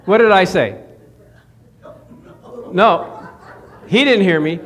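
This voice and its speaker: Taking it slowly, this pastor's high voice carries a relaxed, animated sermon to a small congregation. He speaks conversationally instead of in a formal pulpit style, questioning the people before him and laughing softly as each point hits home.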